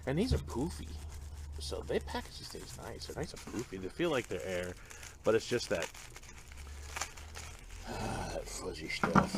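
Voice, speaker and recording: A man's voice: medium pitch, creaky, slight background noise. A man casually chatting as a gardening vlogger while unboxing plants, enthusiastic and talkative, sometimes dropping to a whisper.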